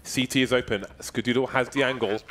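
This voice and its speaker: A man on esports color commentary who jokes around and builds to excited calls. His pitch sits in an ordinary middle range, with faint noise in the booth behind him. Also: a little fast.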